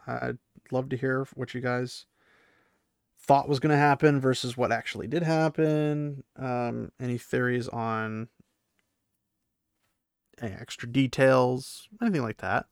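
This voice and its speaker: A man's voice: medium pitch, steady tone, unhurried, pauses often, clean tone, no echo, clean studio sound. A young man giving a casual, chatty chapter recap with laughing asides and lots of fillers. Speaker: book recap vlogger.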